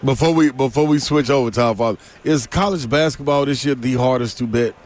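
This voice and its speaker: A man's voice: medium pitch, brisk, darkish tone. A man co-hosting sports radio, trading jokes and banter with a guest. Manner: jokey, laughing banter. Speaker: radio co-host.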